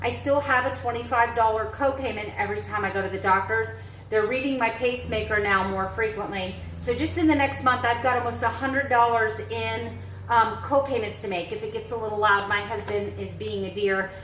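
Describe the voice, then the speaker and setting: A woman's voice: on the high side, steady tone, fairly quick, fairly bright tone, echoey room, slight background noise, poor audio. A woman chatting casually to her viewers in a home kitchen vlog, rambling with friendly asides. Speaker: vlogger. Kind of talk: casual day-in-the-life vlog chat.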